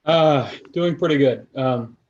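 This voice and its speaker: A man, a trivia contestant, chatting casually with a dry, halting delivery. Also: medium pitch, a little mellow, highs cut off. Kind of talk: casual chat.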